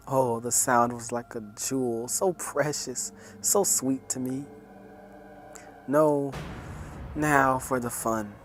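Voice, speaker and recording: A man narrating a horror story in a calm, measured reading. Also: mid-range voice.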